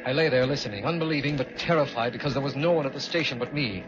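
In an old-time radio drama, a man narrates in the first person as the lead, his mid-range voice moving at a quick pace with a tense, haunted delivery. The recording is muffled old radio with music and background noise.

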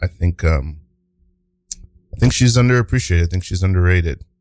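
A man's voice: deep voice, animated, moderate pace, a little mellow, dry recording. A man hosting an improv radio show, encouraging and repeating himself. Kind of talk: casual radio chat.

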